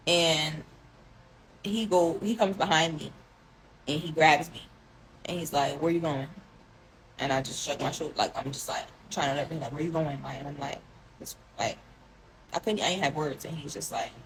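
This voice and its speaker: Young woman w a low voice spilling a long story, rambly, tons of "like", talks to y'all, little hiss behind. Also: a little fast, low-quality recording. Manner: rambling, heavy filler "like", emotional, addresses viewers as y'all. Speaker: storyteller recounting a relationship. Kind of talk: casual confessional storytelling.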